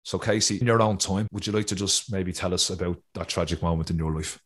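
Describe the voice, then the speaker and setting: A man with an Irish accent, hosting an interview over a video call with lively enthusiasm. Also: low voice, fast talker, breathy edge. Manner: animated, enthusiastic. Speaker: host.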